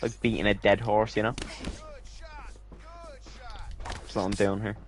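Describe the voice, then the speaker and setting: A man's voice: fairly low pitch, flat delivery, fast. A young man swearing and teasing a friend while they play a fighting game together. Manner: sweary, teasing, says mate constantly. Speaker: gamer. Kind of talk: casual gaming banter.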